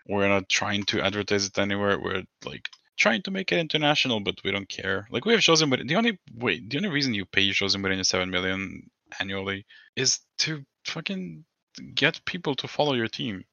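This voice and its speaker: A man's voice: fairly low pitch, big pitch swings, fairly quick, vocal fry, bright, forceful tone, no room sound, highs cut off. A man co-hosting a podcast in casual chat, rambling and swearing, laughing often. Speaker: podcast co-host.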